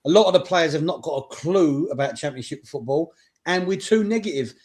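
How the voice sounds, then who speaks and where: A man's voice: a little high, expressive, brisk, a little mellow. A man from England co-hosting a football podcast, blunt and joking, swearing casually. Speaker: podcast co-host.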